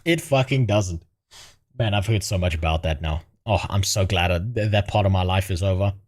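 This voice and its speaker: A man's voice: low voice, moderate pace. A man from Africa, doing crude, profane livestream commentary and laughing at his own jokes. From South Africa.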